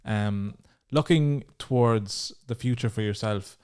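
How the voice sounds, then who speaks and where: A man's voice: fairly low pitch, slow, darkish tone, clear, resonant tone. An Irish man hosting a casual podcast interview, chatting eagerly about comedy. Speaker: podcast host.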